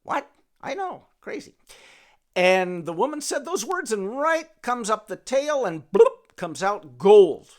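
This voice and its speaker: A man telling a folktale in a playful, animated way, with a gravelly voice. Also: high voice, a little slow, hardly any pauses. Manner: playful, animated, talks to his donkey. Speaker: storyteller.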